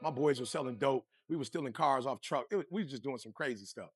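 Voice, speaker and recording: A man giving a motivational speech, energetic and preachy, full of slang and talking straight to the crowd. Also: medium pitch, fast talker, breathy edge, no room sound, studio quality. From Detroit, USA. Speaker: motivational speaker.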